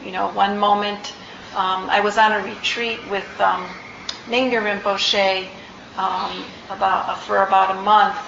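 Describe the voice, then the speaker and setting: A woman meditation teacher giving an unhurried, reflective dharma talk, gently searching for her words. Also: medium pitch, little pitch movement, vocal fry, reverberant, lo-fi sound, slight background noise. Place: meditation hall.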